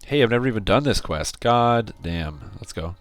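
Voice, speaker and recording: Hoarse low-voiced male game streamer. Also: normal speed. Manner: rambling, with sudden excited outbursts. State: sore scratchy throat. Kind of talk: casual gameplay commentary.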